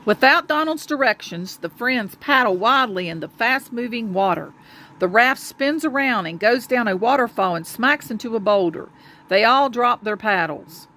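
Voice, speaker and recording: A woman reading a children's storybook aloud to a child, gentle and expressive. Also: on the high side, moderate pace.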